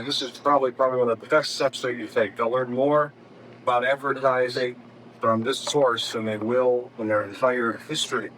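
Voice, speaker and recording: A man's voice: medium pitch, a bit bright, a little hiss or hum, rough recording. A man speaking earnestly at a seminar, praising the event.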